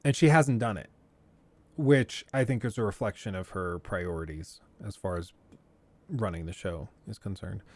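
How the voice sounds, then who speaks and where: A man hosts a gaming livestream, offering casual, opinionated commentary broken up by animated outbursts into a close desk mic. His voice is on the low side and his pace moderate.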